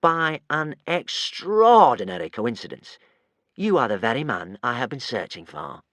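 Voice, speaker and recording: A man's voice: medium pitch, sing-song, a little slow, fairly bright tone, dry recording. A slippery, theatrical charmer from a children's story, voiced by a man reading aloud. He talks with an oily, ingratiating politeness. The sound is dry and close. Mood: smarmy. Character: smooth, sly male con man, charming and theatrical.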